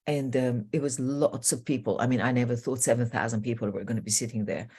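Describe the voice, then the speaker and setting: A middle-aged woman life coach telling stories in an interview, acting out what people said with sudden jumps in pitch. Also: fast, husky. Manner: lively storyteller, acts out quotes with jumps in pitch. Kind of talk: animated storytelling in a podcast interview.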